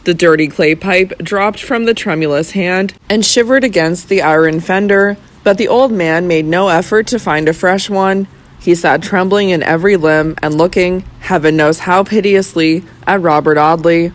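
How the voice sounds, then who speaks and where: An audiobook narrator reading a classic novel in a slow, measured, dramatic way. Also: medium pitch.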